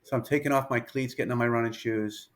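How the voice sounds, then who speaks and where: Lively storytelling man in his fifties. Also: mid-range voice, fast. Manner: lively anecdotal, acts out dialogue. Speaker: pitching coach, interview guest. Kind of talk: storytelling interview.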